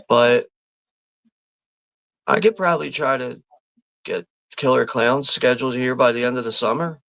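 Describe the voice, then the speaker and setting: A man's voice: mid-range voice, a little slow, gravelly, fairly bright tone, no echo, rough recording. A man hosting a live watch party stream, chatting casually and rambling, with lots of fillers, restarts and easy chuckles. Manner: easygoing, chuckles often.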